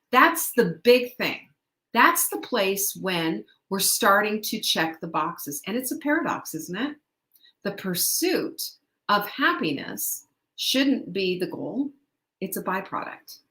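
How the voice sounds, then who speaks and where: A middle-aged woman hosts a motivational talk in a chatty, upbeat way, often laughing and turning questions to the listener. Her voice sits at an ordinary pitch for a woman. The sound carries a roomy echo. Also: fairly bright tone. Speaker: host. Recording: echoey room.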